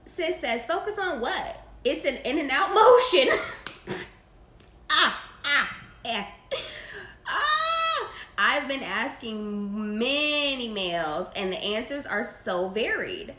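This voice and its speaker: A woman's voice: a little high, lively intonation, slow, bright, forceful tone. A young woman hosting a live podcast Q&A, reading chat questions aloud and reacting in a brash, profane, laughing way. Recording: echoey room with faint ambient noise.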